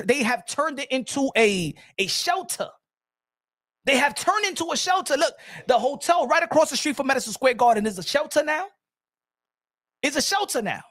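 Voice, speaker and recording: A man hosting his own boxing channel, telling stories in a rambling, animated casual chat full of restarts. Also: very high-pitched.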